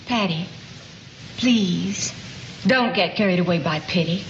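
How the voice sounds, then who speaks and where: A woman's voice: lowish voice, slow pace. An actress playing a sweet-talking, manipulative middle-aged mother with a Southern twang, in a dull, hissy old film recording. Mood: coaxing. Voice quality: sweet, tactful, honeyed twang.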